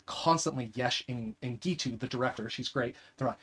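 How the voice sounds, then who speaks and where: A man from the United States, an actor talking in a casual interview, animated and self-deprecating. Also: mid-range voice, fairly quick, slightly rough. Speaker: actor and guest.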